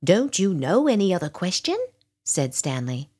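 A woman's voice: big pitch swings, normal speed, warm tone, husky. A woman voicing a young, clumsy boy dragon in a storybook reading, puffing himself up with bravado in a raised voice. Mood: indignant. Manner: puffed-up bravado, high and pleading. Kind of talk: storybook read-aloud.

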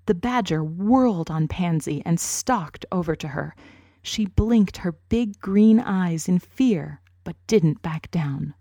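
A woman reading a children's story aloud, clear and expressive. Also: fairly low pitch, slow, dry recording. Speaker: narrator.

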